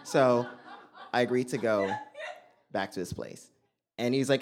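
A young man telling a stand-up story on a club stage, swinging between loud punchlines and muttered asides. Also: fairly low pitch, fairly even intonation, moderate pace, pauses often. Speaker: stand-up comedian.

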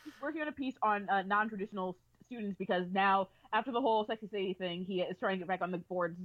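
Fast-talking young woman, slightly dull sound. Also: medium pitch, no room sound. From child of African immigrants. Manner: quick, lots of fillers, joking asides. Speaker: podcast co-host. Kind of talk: casual chat recapping a TV show.

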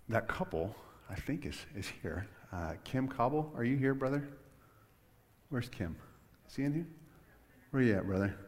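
Middle-aged guy preaching, super low voice, rambly with lots of ums, big echoey church. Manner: conversational, many fillers and restarts. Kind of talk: sermon with personal story. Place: church sanctuary. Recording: long hall reverb. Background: long reverb of a large church.

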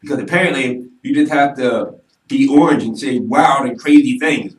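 A man's voice: medium pitch, moderate pace. A male podcast guest talks openly and jokes about himself, in a middle-range voice. The room is roomy and echoing. The mic sits some distance away. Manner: candid, joking, self-mocking. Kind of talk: casual podcast chat.

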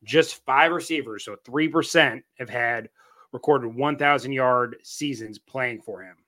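A man co-hosting a casual sports podcast, rambling through game stats with fillers and a phlegmy, throat-clearing voice. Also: mid-range voice, unhurried, pushed and bright. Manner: rambling, restarts and fillers, stat-heavy. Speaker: co-host, Chiefs fan.

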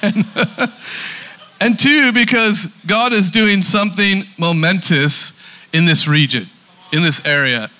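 Male pastor, high tenor, very bright and forceful, emphatic sermon delivery with restarts. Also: slow. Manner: emphatic, repeats words when starting sentences.

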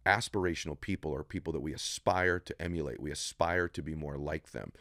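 A man's voice: extremely low pitch, fairly quick, a bit bright, dry recording, studio quality. A middle-aged man speaking in a motivational interview, emphatic and preacherly, building to intensity. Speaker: podcast guest. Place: studio room.

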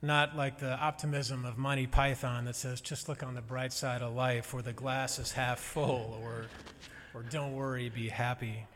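A man preaching a sermon to a congregation, earnest and building to loud emphasis. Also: medium pitch, flat delivery, moderate pace, slight background noise. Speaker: pastor. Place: church sanctuary. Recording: long reverb of a large hall.

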